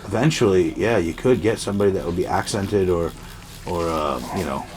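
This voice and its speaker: A man's voice: low-pitched, fairly quick, a crowd in the background. A man hosting a comedy podcast, rambling and joking at his own expense. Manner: rambling, joking, self-deprecating. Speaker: podcast host. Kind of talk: casual podcast chat.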